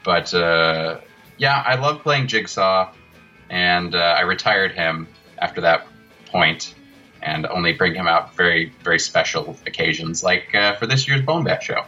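A man's voice: sits low, measured pace, bright, forceful tone, lo-fi sound, faint music behind. A man, a guest filmmaker, telling loose, laughing stories in a casual interview.

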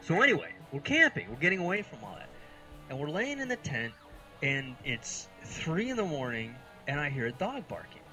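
A man's voice: a little high, big pitch swings, normal speed, pushed and bright, soft background music, poor audio. A man in his thirties from the United States, a podcast co-host telling rambling, exasperated, self-mocking comic stories. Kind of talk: casual comedic storytelling.

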